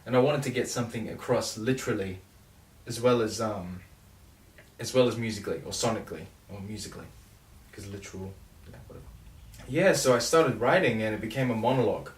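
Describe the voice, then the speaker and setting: A man's voice: on the low side, a little fast. Australian man, distant and echoey. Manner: relaxed, rambling, self-correcting. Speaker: songwriter and producer. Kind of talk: casual vlog talk. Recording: roomy echo, distant mic.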